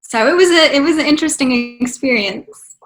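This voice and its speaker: A woman's voice: high-pitched, expressive, moderate pace, soft background music. A young woman from Texas with a faint Texan accent, answering interview questions in an upbeat, enthusiastic way that is full of "you know" and "like". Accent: Texan, mostly trained out. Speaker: interview guest, actress and singer.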